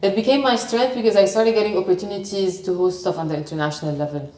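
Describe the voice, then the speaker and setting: A woman's voice: mid-range voice, fast talker, dark tone. A middle-aged woman with a Lebanese accent, a sports presenter confidently telling her life story in an interview. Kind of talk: interview conversation. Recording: echoey room, mic at distance.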